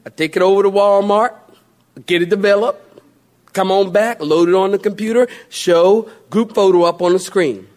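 A man's voice: sits high, steady tone, a little mellow. A male pastor preaching a sermon, drawing out key phrases and mocking self-pity with playful put-on voices. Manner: drawn-out emphatic phrases.

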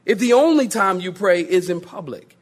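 A man's voice: high-pitched, moderate pace. A male pastor preaching a sermon, joking and slipping into mock voices to make his point. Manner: humorous, animated, mimics voices for laughs.

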